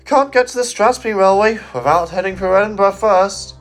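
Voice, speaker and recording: A nosy little diesel shunter from a storybook, chirpy and nonchalant, speaking in a high, bright voice that swoops up and down, as a man puts it on. Faint music sits in the background. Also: big pitch swings, fairly quick, husky. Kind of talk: audiobook fan story reading.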